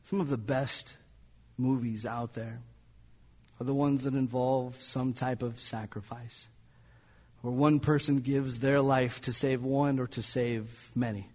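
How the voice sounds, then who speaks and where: A man's voice: medium pitch, fairly even intonation, measured pace, a little mellow, in a large hall. A male pastor preaching a sermon in a church, telling a story dramatically and sometimes dropping to near-whispers. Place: church sanctuary.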